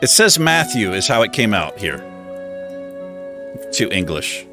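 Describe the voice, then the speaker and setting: This livestream host has a fairly low pitch and a measured pace, talking over music in a casual chat. Animated and self-deprecating, he chuckles frequently while tripping over pronunciations.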